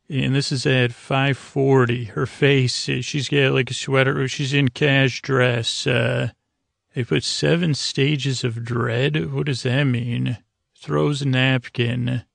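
A male podcast host talks through an episode in a loose, rambling way, full of ums and restarts and tossing in playful jokes. His voice has a gravelly edge and stays fairly level in pitch. The sound is close and dry, with no room echo. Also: flat delivery, slow. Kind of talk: casual episode recap.

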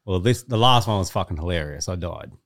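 A man's voice: low-pitched, lively intonation, a little fast, gravelly, a bit bright. A man with an Australian accent, a guest bantering bluntly and swearing in casual chat.

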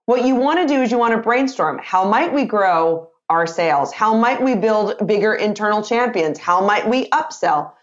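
A woman in her fifties, an author and sales trainer, speaking as an interview guest in an energetic, expressive way and acting out example dialogue. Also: a little high, moderate pace, few pauses, lo-fi sound.

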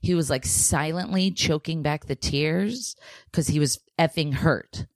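Low-voiced mom telling a story. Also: female voice, unhurried, no room sound, clean studio sound. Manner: candid, emotional storytelling. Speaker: podcast co-host. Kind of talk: casual chat.

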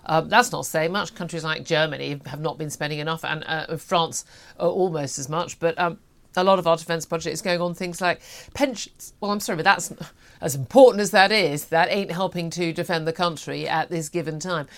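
A woman's voice: low voice, a little fast, fairly bright tone. A woman hosting a morning radio talk show, chatty and opinionated, with many fillers. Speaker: radio host.

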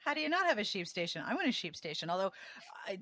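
Woman, podcast co-host, casual interview, joking, sarcastic, bright voice, dry close sound. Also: medium pitch, big pitch swings, fast, no echo. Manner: joking, sarcastic, playful teasing.

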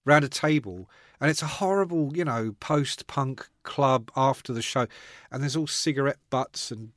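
A man in his sixties, a guest telling stories in casual chat, animated and swearing, acting out voices. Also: medium pitch, moderate pace, no echo, clean studio sound.

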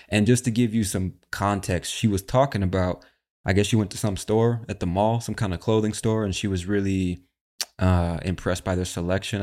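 Very low-pitched American male host, casual and slangy, playful teasing. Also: darkish tone. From United States. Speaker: podcast host. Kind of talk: casual chat.

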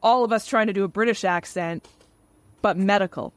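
A woman with a Canadian accent hosting a podcast interview, chatty and quick to laugh. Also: medium pitch, a little hiss or hum. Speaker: podcast host. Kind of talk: casual interview.

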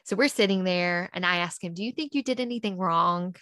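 A woman's voice: fairly low pitch, brisk, fairly bright tone, no room sound, clean studio sound. A woman, a podcast guest, earnestly recounting a personal story and acting out past conversations in quotes.

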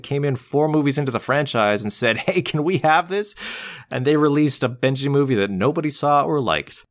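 A man hosting a podcast, chatting casually in a wry, deadpan way. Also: a little high. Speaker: podcast host. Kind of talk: casual chat.

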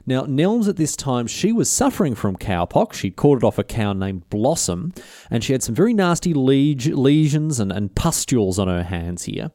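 A man's voice: mid-range voice, very animated, moderate pace, mellow, no room sound, studio quality. A man, hosting a podcast and telling history in a slangy, jokey, rambling way. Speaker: podcast host. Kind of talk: casual history storytelling.

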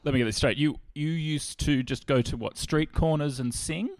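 A man's voice: on the high side, moderate pace, no room sound. Dry-humored man hosting. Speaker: comedy podcast host. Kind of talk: casual chat.

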